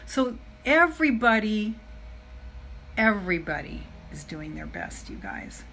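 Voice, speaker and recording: A woman's voice: fairly high pitch, sing-song, measured pace, a bit bright, slight background noise, low-quality recording. A middle-aged woman giving a live motivational talk as a self-love coach. She speaks earnestly and chattily, repeats her key phrases for emphasis, and keeps addressing her viewers directly.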